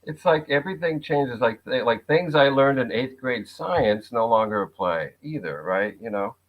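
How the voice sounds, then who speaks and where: A man's voice: medium pitch, animated, normal speed. A man guesting on a talk show, speaking casually and wryly with a sarcastic edge. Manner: wry, sarcastic, laughs at his own jokes. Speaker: guest, actor and writer. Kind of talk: casual conversation. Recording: dull lo-fi sound.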